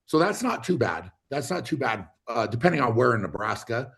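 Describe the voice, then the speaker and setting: A man talking easily as a guest on a livestream. His voice sits at an ordinary middle pitch. He speaks in a loose, halting way, full of fillers and restarts. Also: very animated, creaky, fairly bright tone. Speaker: guest athlete. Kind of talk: casual livestream chat.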